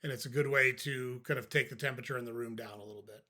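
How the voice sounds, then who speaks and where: A man's voice: medium pitch, fairly even intonation, fast, pushed and bright. An older man hosting a podcast, giving casual advice in a conversational, dry way and acting out sample replies. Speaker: podcast host.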